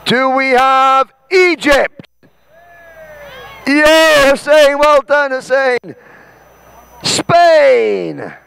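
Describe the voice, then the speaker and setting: A Welsh man from Wales hosting an event, directing a crowd with bossy jokes and shouting out names. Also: very high voice, creaky. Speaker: event host. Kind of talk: directing a crowd and calling a roll.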